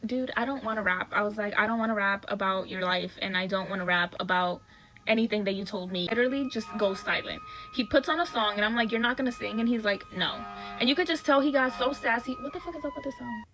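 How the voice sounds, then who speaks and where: A woman's voice: mid-range voice, brisk, fairly bright tone, soft background music, poor audio. A young woman bluntly recounting a bad date in a casual, profane storytime. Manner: blunt, profane, exasperated retelling. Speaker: storyteller in a viral video.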